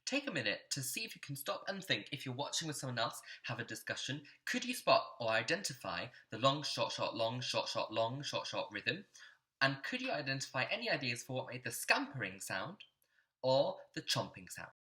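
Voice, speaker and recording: A man leads a recorded music lesson, explaining patiently and encouragingly and sometimes chanting rhythms aloud. His voice is very bright and ringing, and it moves lively up and down as he explains. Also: mid-range voice, a little fast. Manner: encouraging, clear teacherly explaining. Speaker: music teacher.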